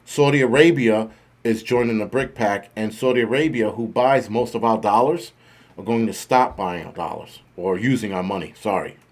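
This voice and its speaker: A middle-aged man hosting a casual livestream, rambling and swearing in nearly every sentence. He jokes about getting old, then drifts into the news in the same loose, profane way, his voice climbing high when something riles him. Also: normal speed. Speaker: host.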